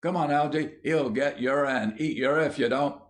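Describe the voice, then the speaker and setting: A man doing a shrill, cheeky little girl. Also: normal speed, natural voice. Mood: taunting.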